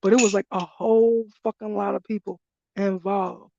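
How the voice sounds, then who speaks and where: A woman hosting a live stream, telling stories in a blunt, profane, animated way and laughing often. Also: mid-range voice, moderate pace, gravelly, a little hiss or hum. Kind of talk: casual profane storytelling. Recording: dull lo-fi dry sound.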